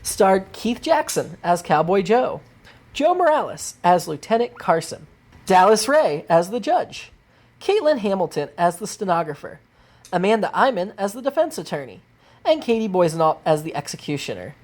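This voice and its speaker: A woman's voice: mid-range voice, big pitch swings, moderate pace, darkish tone. A woman announcing the cast and credits of a radio comedy show.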